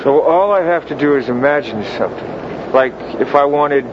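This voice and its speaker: A man's voice: fairly high pitch, moderate pace, highs cut off, background noise, close to an everyday voice. A man in a film scene, talking in a wondering, tentative way. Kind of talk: film dialogue.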